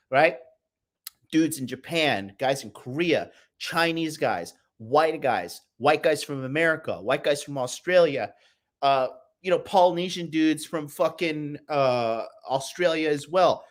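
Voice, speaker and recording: A man's voice: a little high, fairly bright tone. A man hosting a live-streamed dating talk show, brash, profane and mocking as he reads the chat. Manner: talks to the audience as "bro". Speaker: livestream dating show host.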